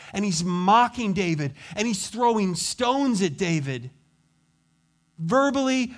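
Preaching man, dramatic swings in volume. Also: sits high. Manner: dramatic, acts out quoted voices, drops to quiet intensity. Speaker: pastor. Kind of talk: sermon.

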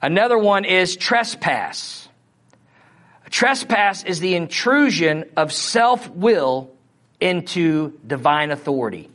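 A middle-aged man with a Missouri accent teaches a Bible lesson to a small group. His voice sits a little high for a man. He keeps it conversational and keeps checking in with his listeners. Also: expressive, takes it slowly, fairly bright tone. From Missouri, USA. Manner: conversational, asks the audience questions. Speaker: preacher.

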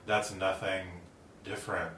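A man's voice: low voice, flat delivery, unhurried, sharp tone, echoey room, far from the mic, slight background noise. A man earnestly explaining church ideas in casual conversation, with frequent likes and ums. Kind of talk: casual discussion about faith.

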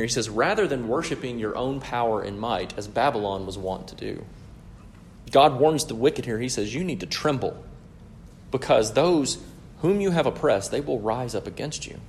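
Male preacher, expository sermon, emphatic delivery, mid pitch, faint background hiss. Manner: emphatic, explanatory, frequent "right?" checks.

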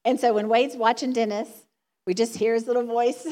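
Chatty woman preacher, slightly high voice. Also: fairly even intonation, normal speed. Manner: warm, chatty, laughs often. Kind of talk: conversational sermon.

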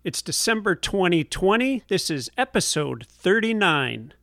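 A man's voice: high-pitched, very animated, unhurried, gravelly, fairly bright tone, no echo, clean studio sound. A man hosting a podcast in a casual, easygoing way, with a wry edge. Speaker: podcast host.

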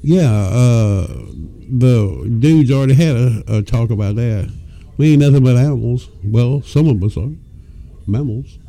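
Crude, joking man with a dark voice. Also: medium pitch, a little slow, slight background noise. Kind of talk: casual comic storytelling. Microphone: studio microphone.

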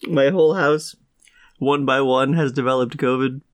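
A man's voice: mid-range voice, fairly even intonation, unhurried. A man co-hosting a casual podcast chat, sick with a cough, telling stories in a dry, wry way. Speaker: podcast co-host.

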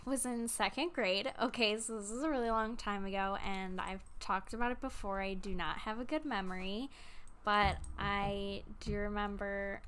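A young woman in her twenties, close to tears, telling a personal story to camera in a halting way with many pauses and fillers. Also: mid-range voice, fairly bright tone, clean tone. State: tearful, close to crying. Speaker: vlogger.

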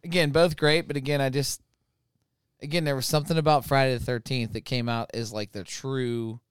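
A man's voice: medium pitch, steady tone, brisk, smooth, no echo, clean studio sound. A man in casual podcast banter who earnestly explains the reasons behind his picks. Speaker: podcast co-host.

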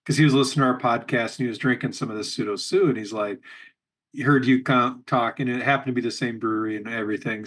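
A man co-hosting a podcast, talking in a relaxed, amused way and asking easy questions. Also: mid-range voice, quick pace. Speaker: podcast co-host. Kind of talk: casual podcast chat.

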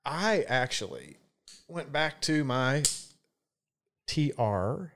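Southern man, podcast co-host, relaxed and profane, laughs easily, mid-pitched voice. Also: very slow, a little hiss or hum. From American South. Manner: laid-back, swears freely, laughs often. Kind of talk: casual chat.

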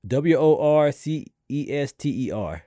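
A man's voice: mid-range voice, unhurried, no room sound, studio quality. A man co-hosting a podcast in casual chat, easygoing and joking, sounding congested from allergies. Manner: easygoing, joking, animated storyteller. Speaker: podcast co-host.

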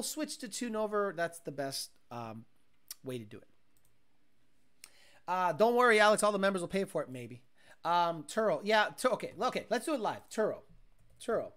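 A man's voice: high-pitched, big pitch swings, normal speed, long pauses, fairly bright tone. A man hosting a casual live stream, chatting with his viewers and ranting in an exasperated, profane way. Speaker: livestream host reading chat.

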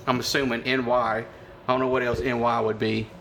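A man's voice: medium pitch, flat delivery, a little fast, creaky, fairly bright tone, slight background noise. A man hosting a casual show, asking joking questions. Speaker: podcast host. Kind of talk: casual chat.

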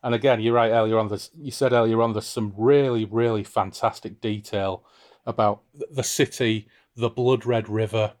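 A man's voice: on the low side, fairly even intonation, normal speed, darkish tone. A man co-hosting a podcast, chatting casually and with amusement about a novel, with frequent restarts. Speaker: podcast co-host. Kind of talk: casual book discussion.

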